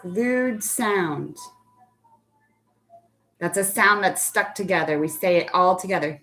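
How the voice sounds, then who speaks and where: Young woman teacher, slow and patient, warm praise for each child, sounding words out for early readers. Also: fairly low pitch. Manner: slow and deliberate when spelling out words. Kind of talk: live online phonics lesson.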